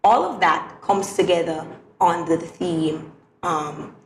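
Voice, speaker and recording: A woman who is a teacher and poet answers interview questions in an earnest, devotional way, repeating phrases in a steady rhythm. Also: lowish voice, takes it slowly, slight background noise. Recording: roomy echo.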